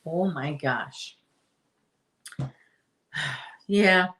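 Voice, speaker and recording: Slow-talking woman chatting on a livestream. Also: deep voice, a bit bright. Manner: chatty, reads viewer comments aloud. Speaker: livestream host. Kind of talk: casual livestream chat. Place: her home.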